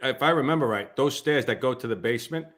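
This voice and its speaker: A man hosting a podcast, asking quick questions to check the details of a guest's story. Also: medium pitch, fairly bright tone. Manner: asks quick clarifying questions. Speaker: podcast host.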